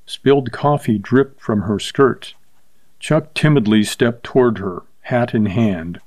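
A man's voice: medium pitch, slow, darkish tone, no echo. Man narrating in a dry, close recording. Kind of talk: scripted story narration.

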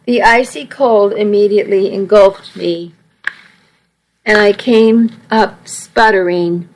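A woman's voice: mid-range voice, fairly even intonation, takes it slowly, a little mellow, low-quality recording. A woman reading a first-person story aloud in a wry, conversational way. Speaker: audiobook narrator.

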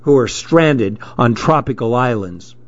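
A man's voice: mid-range voice, animated, unhurried, natural voice. A man voicing a bossy, scolding girl in a smug tone, in a dull lo-fi recording.

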